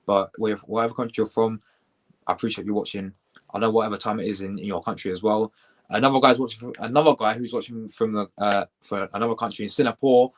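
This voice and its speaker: A young British man hosting a live football reaction stream, chatty and excitable, swearing and shouting out viewers in his chat. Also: on the low side, fast talker. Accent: British English. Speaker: football livestream host.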